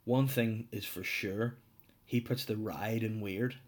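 Male podcast host, low-ish voice, loose self-mocking delivery. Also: slow pace. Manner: rambling, jokey, self-mocking, many restarts. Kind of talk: casual solo podcast chat.

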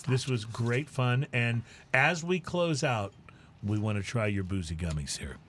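A man's voice: medium pitch, unhurried, a bit bright, a little hiss or hum. A man hosting a casual podcast, easygoing and joking, with lots of fillers. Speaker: podcast host. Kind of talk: casual chat.

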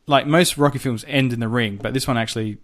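Speaking quickly in a steady, medium-pitched voice, a male podcast co-host recaps a film in casual chat. He rambles, restarts his sentences and swears casually.

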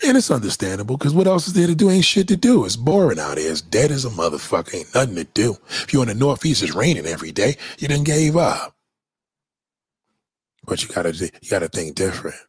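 A man's voice: medium pitch, big pitch swings, brisk, husky, no room sound. A man hosting a casual livestream monologue, talking in an emphatic, preachy way with lots of swearing.

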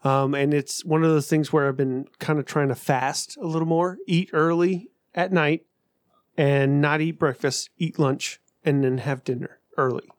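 Speaking at a moderate pace with fairly even intonation, this podcast co-host has a voice on the high side. He chats casually, laughs often, and swears freely, all in a dry, studio-quality recording.

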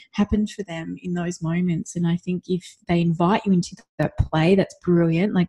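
A woman's voice: lowish voice, mellow, slightly rough. A middle-aged woman co-hosting a podcast, telling a personal story in a reflective, casual way and often laughing. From Australia. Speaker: podcast co-host. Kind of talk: casual chat.

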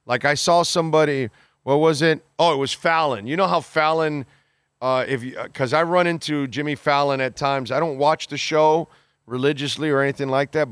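Blunt male radio host, crisp dry voice. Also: fairly high pitch, moderate pace, fairly bright tone, dry recording. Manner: blunt, opinionated, swears casually, calls people bro. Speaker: radio show host reading listener messages. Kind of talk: casual call-in radio talk.

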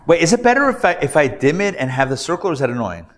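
A man, a rabbi, teaching a live Hebrew reading class in an upbeat, playful way, sounding out letters slowly for his students. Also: a little high, very animated. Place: class hall, recorded live.

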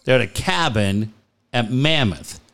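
Middle-aged male radio co-host, mid pitch, very lively intonation, chatty storyteller. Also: vocal fry. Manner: quick interjections, animated retelling of listener stories. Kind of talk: casual chat.

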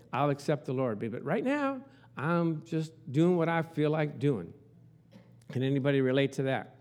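A man in his sixties preaching a sermon in a conversational, folksy way with an Italian accent. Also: a little high. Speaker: pastor.

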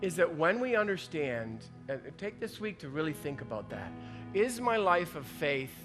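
Over music, a pastor with a voice on the high side speaks at normal speed and is very animated. He gives a conversational sermon in a folksy, joking way, acting out his inner voices.

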